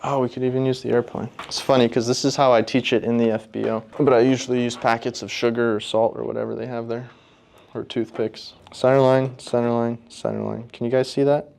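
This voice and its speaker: A man's voice: medium pitch, level tone, brisk, vocal fry, a little mellow. A man teaching a ground school class as a flight instructor, explaining step by step and often checking whether the class follows.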